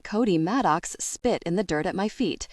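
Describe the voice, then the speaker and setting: Woman, audiobook narrator, first-person novel, measured, expressive, low-pitched, dry. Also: no room sound.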